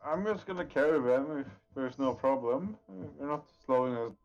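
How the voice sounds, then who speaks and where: A man's voice: medium pitch, expressive, moderate pace, a little mellow, highs cut off. A man playing a tabletop game, playfully arguing his character's choices. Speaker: player. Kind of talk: casual tabletop play.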